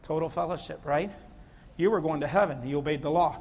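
A man preaching a sermon with a lively delivery that swings from quiet, low stretches to loud, near-shouted pleading. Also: a little fast. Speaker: pastor. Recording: long hall reverb.

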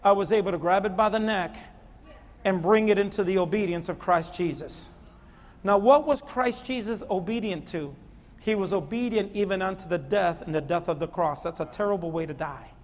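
A man's voice: high-pitched, moderate pace. A man preaching a sermon as pastor, impassioned and repeating phrases for emphasis. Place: church sanctuary. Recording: long hall reverb.

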